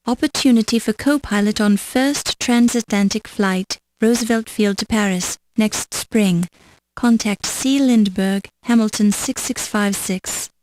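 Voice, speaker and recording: A woman's voice: medium pitch, unhurried, darkish tone, slight background noise, lightly acted, rough recording. A woman narrating an adventure game with dry, wry scripted remarks.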